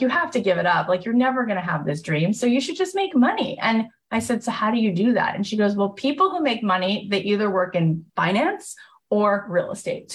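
A woman host with a mid-range voice tells a personal story in a casual, animated way. She acts out the voices of the people she quotes.

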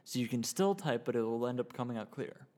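Man reading a folksy, fatherly storybook boss, mid pitch. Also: lively intonation, fairly quick, a little mellow, lightly acted. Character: folksy older male boss.

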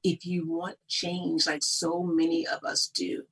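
Emphatic husky-voiced woman. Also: on the low side, little pitch movement, unhurried. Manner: emphatic, preachy, often laughing. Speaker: guest speaker on personal growth. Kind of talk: motivational conversation.

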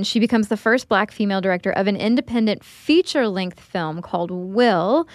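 A woman's voice: mid-range voice, no room sound. Woman co-host who explains things conversationally, with a mid-range voice and a dry close mic. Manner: explanatory, tells facts in a storytelling way. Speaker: podcast co-host. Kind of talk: casual conversational podcast.

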